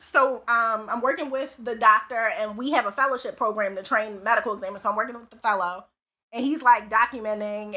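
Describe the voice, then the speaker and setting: A woman guest, an autopsy technician, telling work stories in casual podcast chat, animated and full of "like" fillers. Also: on the high side. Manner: animated, lots of "like" fillers, laughs often. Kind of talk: casual storytelling.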